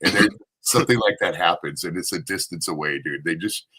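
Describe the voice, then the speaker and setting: Southern california guy, bright forceful voice, swearing and rambling thru a story on a chill live podcast. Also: deep voice, fairly quick, husky. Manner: rambling profane storyteller, laughs often. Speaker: panel co-host. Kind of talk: casual live podcast banter.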